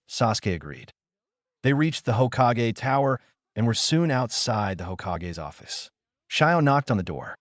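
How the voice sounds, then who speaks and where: A man narrating a fan fiction story in a lively reading voice. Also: fairly low pitch, moderate pace, no echo, studio quality.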